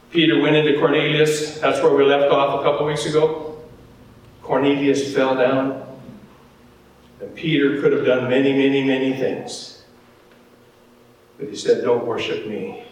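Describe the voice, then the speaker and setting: A man pastor preaching a sermon, animated and jokey, acting out the characters in the story. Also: mid-range voice, a little hiss or hum. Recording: echoey hall from far off.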